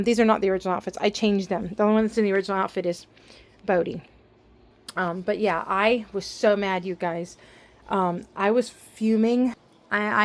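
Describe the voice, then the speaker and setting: A young adult woman telling an upset storytime to her vlog viewers, venting with many fillers and restarts. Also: medium pitch. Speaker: doll collector vlogger.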